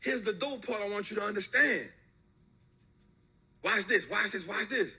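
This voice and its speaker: A man with a fairly high, very bright voice, edged with a husky grain, gives a motivational talk. He drives his points home with repetition and slangy, emphatic street talk. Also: normal speed. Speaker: motivational speaker.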